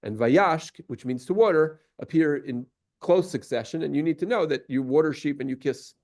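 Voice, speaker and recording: Gravelly-voiced man teaching a class. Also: a little high, darkish tone. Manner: halting, many fillers and restarts, explanatory. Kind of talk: classroom lecture with questions.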